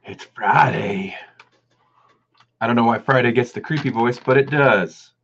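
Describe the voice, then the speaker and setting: A man's voice: medium pitch, brisk, highs cut off. A man hosting a live podcast stream, chatting casually and greeting callers. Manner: relaxed, friendly, greets callers. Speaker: podcast host.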